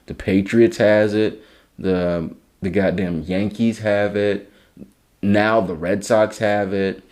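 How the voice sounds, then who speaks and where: A man's voice: fairly low pitch, steady tone, slow pace, darkish tone. Male podcast host from Chicago, foul-mouthed sarcastic ranter, solo comedy show. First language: English. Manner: profane, ranting, sarcastic.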